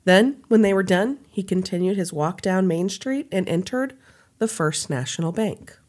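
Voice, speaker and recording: A woman's voice: medium pitch, lively intonation, moderate pace, a little mellow. A woman hosting a podcast, reading a story aloud in a casual chat style and breaking off for laughs and asides. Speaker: podcast host.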